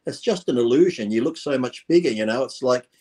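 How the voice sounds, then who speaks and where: A man's voice: medium pitch, expressive, brisk, darkish tone, husky. A male interview guest in casual conversation, telling blunt anecdotes full of quoted dialogue and the odd swear word.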